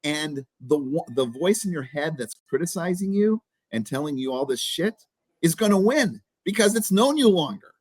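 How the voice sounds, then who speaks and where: On a podcast, a male guest with a fairly high, husky voice talks at a moderate pace, his pitch swinging widely, in a clean recording with no echo. The casual interview talk is blunt and heavy on swearing as he acts out the inner critic in someone's head.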